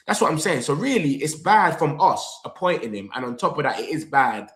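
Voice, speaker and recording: A young man, hosting a football fan reaction vlog. He talks in an animated, slangy way, straight to his viewers, and reads their comments aloud. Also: a little high, brisk. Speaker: football fan channel host. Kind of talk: excited live reaction vlog. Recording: echoey room.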